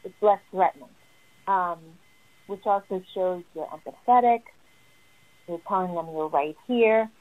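A woman's voice: on the low side, a little slow, long pauses. A woman therapist explaining parenting advice in an earnest, emphatic teaching tone. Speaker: family therapist. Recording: tinny phone-like sound.

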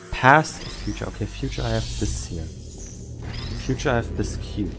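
A man's voice: lowish voice, expressive, normal speed, gravelly, fairly bright tone, faint music behind. A tired man giving late-night gameplay commentary, muttering and rambling to himself as he works through puzzles. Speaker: gamer playing a puzzle game.

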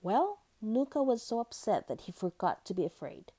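Warm, expressive woman reading a children's story. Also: fairly high pitch, moderate pace. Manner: expressive, gentle read-aloud.

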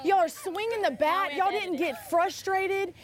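A woman coaching a softball team from the dugout at an outdoor field, commanding and encouraging. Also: very high-pitched, a little slow, crowd noise.

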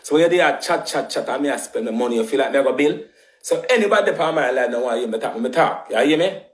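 A man with a Jamaican patois accent ranting on a live stream, his middle-pitched voice bouncing off the walls of an echoey room. He talks emphatically, circling back over the same points and swearing freely. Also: fast talker. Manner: animated, repetitive, emphatic patois rant with swearing. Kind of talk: heated live-stream rant.

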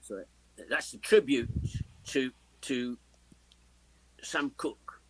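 An Englishman in his seventies, husky and expressive, his pitch rising and falling freely as he tells stories. He is a guest musician in an interview, acting out sounds and other people's voices as he goes. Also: very slow, rough recording. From England. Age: 70s. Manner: animated, mimics voices and sounds while telling stories. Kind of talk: anecdotal storytelling in an interview.

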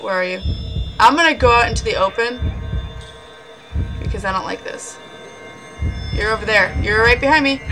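A woman with a slightly high voice, heard on a rough recording with music playing over her, casually commentates a horror game as a gaming channel host. She's jumpy and swears, shrieking at scares and talking to the ghosts on screen.

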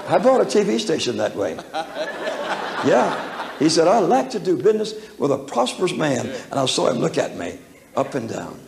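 With huge pitch swings, vocal fry, and a voice on the high side, an older man preaches at a moderate pace. He shares a personal story, chuckling folksily and acting out its voices. The recording comes from an echoey church hall with faint background noise.

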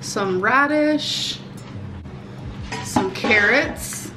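A woman in her thirties chatting casually to her viewers at home, unhurried and full of "um" and "like". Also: on the high side, expressive, over music. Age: 30s. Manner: unhurried, chatty, many fillers like "um" and "like". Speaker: vlogger. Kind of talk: casual vlog chat.

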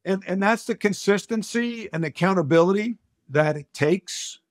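A man's voice: high voice, normal speed, dry recording, studio quality. A middle-aged man, a coach and speaker, talking emphatically in an interview and repeating words as he starts each thought. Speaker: coach and corporate speaker, podcast guest. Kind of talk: conversational interview storytelling.

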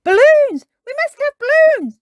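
An excitable young puppy, eager and breathless, squeaking his lines in a high bright voice, loud and full of bounce as a woman reads him in a storybook. The sound is close and dry with no room around it. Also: unhurried, dry recording. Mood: excited.

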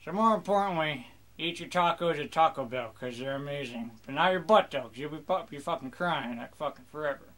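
A man's voice: a little high, expressive, a little fast, fairly bright tone. A young man rambling crudely through casual gameplay commentary, joking in a mock pirate voice. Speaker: gamer.

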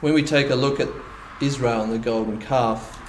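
A man preaching a conversational sermon, with animated asides in which he voices imagined reactions. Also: medium pitch, normal speed, reverberant, a little hiss or hum, low-quality recording. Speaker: pastor. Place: church hall.

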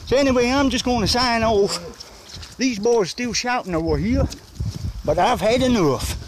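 A man's voice: extremely high pitch, normal speed, noisy background. A man from Scotland walking outdoors on a rural path, giving playful mock-cowboy vlog commentary and scolding his dog and the animals he meets. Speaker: vlogger.

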